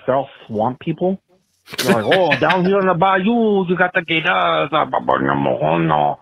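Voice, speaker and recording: A man's voice: mid-range voice, lively intonation, unhurried, creaky, husky, exaggerated voice. A man voicing a petty, boastful man with a lisp who leaves rambling voicemails and waves things off with "blah, blah". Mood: disgusted. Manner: dismissive, trails off into "blah, blah". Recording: dull lo-fi voicemail audio.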